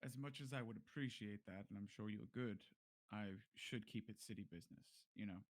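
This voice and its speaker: A man's voice: fairly low pitch, no room sound, lightly acted. A man voicing a stern city guard captain. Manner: formal and measured.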